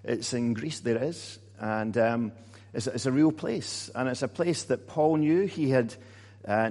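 A man preaching a sermon in a conversational way, often pausing with fillers and repeating words. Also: medium pitch, a little mellow. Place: church hall. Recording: long hall reverb.

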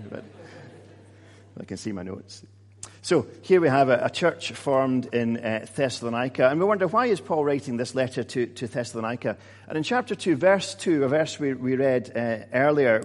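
A man preaches in a relaxed, conversational way, with plenty of ums and repeated words. His voice sits at an ordinary pitch, and it rings out with a long reverb through a church hall. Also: moderate pace. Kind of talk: sermon.

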